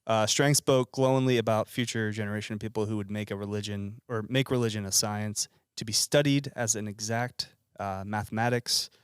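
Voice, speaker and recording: A man's voice: lowish voice, steady tone, a little fast, hardly any pauses, clear, resonant tone, no echo. A man hosting a casual history podcast, reading out facts from his notes with dry asides. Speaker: podcast host presenting the history.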